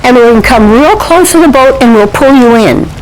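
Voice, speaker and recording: A woman doing calm boat rescuers. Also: on the high side, fairly quick, a little hiss or hum, natural voice, low-quality recording. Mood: reassuring. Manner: calm, reassuring instructions. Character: kindly adult male boat rescuers.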